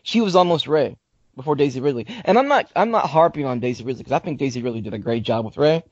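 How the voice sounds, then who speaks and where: A man's voice: mid-range voice, animated, fast, darkish tone, dry recording. A man co-hosting a casual podcast chat, talking conversationally and prompting the others with questions. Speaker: podcast co-host. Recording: dull lo-fi dry recording.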